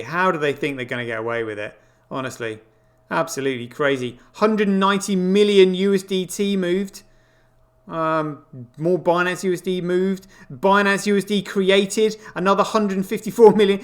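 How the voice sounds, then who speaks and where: A man with a high-sitting, fairly bright voice hosts a crypto show, offering casual running commentary on what he sees on screen. He sounds incredulous, exclaiming often and tossing in swearing asides.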